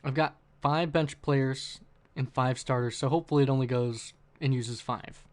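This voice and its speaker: A man's voice: mid-range voice, steady tone, moderate pace. A man hosting his video game channel, chatting casually through a basketball franchise game with plenty of fillers and restarts. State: hiccuping. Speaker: gaming channel host. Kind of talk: casual gameplay commentary.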